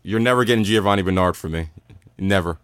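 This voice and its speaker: A man's voice: deep voice, fast, fairly bright tone, clean tone, no room sound. A man co-hosting a casual sports podcast, dry and teasing. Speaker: podcast co-host.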